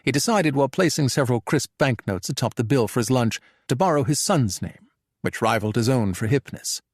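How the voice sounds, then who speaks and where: A man narrating a thriller audiobook in a measured, even storytelling manner. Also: mid-range voice.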